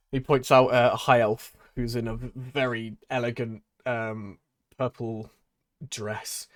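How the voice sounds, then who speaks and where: A man's voice: mid-range voice, level tone, unhurried, no echo, clean studio sound. Man hesitantly narrating a tabletop game. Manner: hesitant, many fillers. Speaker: game master.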